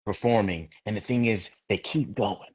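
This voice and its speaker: A man's voice: on the low side, normal speed, darkish tone, breathy edge. A man speaking as a guest poet in a casual interview, reflective and conversational, often restarting his sentences.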